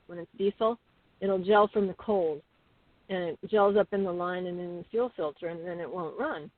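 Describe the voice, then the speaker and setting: A woman's voice: fairly low pitch, moderate pace. Chatty middle-aged woman on a tinny call. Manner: chatty, animated storyteller with many fillers. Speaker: guest. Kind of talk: casual interview storytelling. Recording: tinny phone-like call audio.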